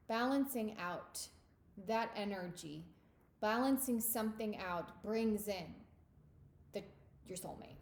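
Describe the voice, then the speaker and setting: A woman's voice: medium pitch, a little mellow, roomy sound, a little hiss or hum. A woman giving a tarot reading straight to the listener, intimate and emphatic, calling them darling and babe. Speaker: tarot reader.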